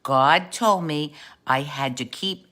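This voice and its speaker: A woman's voice: sits low, slow, pushed and bright, heavily acted. A woman voicing a foolish, restless young man in a spoken fairy tale. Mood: earnest.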